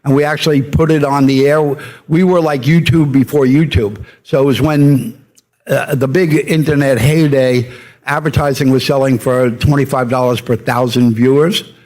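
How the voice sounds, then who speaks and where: Older man telling lively business stories. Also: mid-range voice, normal speed. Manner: anecdotal, animated, acts out quoted people. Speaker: media entrepreneur guest. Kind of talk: fireside chat storytelling. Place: stage before a live audience.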